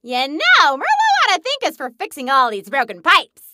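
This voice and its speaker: A woman's voice: sits high, huge pitch swings, normal speed, very noisy. A giddy hammer-happy girl. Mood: chatty. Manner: bubbly, giddy, bouncy. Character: hyper, gleeful young woman huntress who loves smashing things. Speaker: game character. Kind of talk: video game voice lines.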